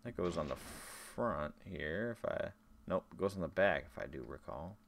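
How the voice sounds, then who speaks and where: A man's voice: low voice, expressive, normal speed, vocal fry, slight background noise. A man streaming a game, chatting casually with his viewers between tasks. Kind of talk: casual live-stream chat while gaming.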